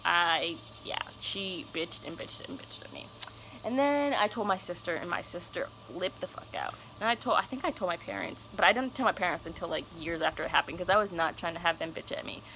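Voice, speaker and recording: A woman's voice: fairly low pitch, animated, fairly quick, bright, forceful tone, a little hiss or hum, low-quality recording. A young woman telling a personal story on her vlog, casual, candid and cursing freely. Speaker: vlogger.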